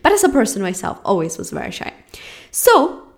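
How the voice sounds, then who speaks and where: A woman's voice: on the high side, sing-song, brisk. A young woman with a non-American accent, hosting a solo podcast and talking earnestly and encouragingly to listeners. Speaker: podcast host and acting coach. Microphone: podcast mic.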